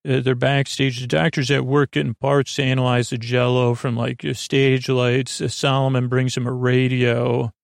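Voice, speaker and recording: A man hosting a sleep podcast, retelling a story in a halting, filler-heavy way. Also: medium pitch, flat delivery, vocal fry, dry recording, clean studio sound. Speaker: podcast host.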